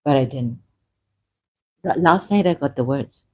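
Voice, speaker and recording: A woman's voice: a bass voice, warm tone, a little hiss or hum. Emotional woman rambling through her story. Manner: rambling, halting, with restarts and self-corrections. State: emotional, close to tears. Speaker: ex-Muslim telling her personal story. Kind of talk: emotional personal testimony.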